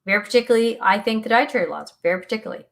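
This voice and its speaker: A woman's voice: a little high, animated, very fast, vocal fry, a bit bright. A middle-aged woman hosting a faith talk show, speaking earnestly and animatedly, often laughing, reading out listener comments. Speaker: radio show host.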